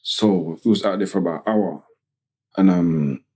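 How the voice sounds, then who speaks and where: A man from Tottenham with a North London accent, telling a personal story as a podcast guest in slangy, halting speech full of "you get me" tags. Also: low-pitched, darkish tone, breathy edge. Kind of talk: casual storytelling interview.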